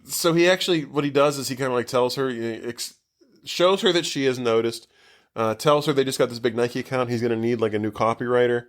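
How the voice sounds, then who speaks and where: A man on a podcast walking through a movie's plot in a loose, rambling way. He swears freely and fills his sentences with "like" as he goes. His voice sits at an ordinary, middle pitch. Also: fast talker. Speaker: podcast co-host. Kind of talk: casual movie recap chat.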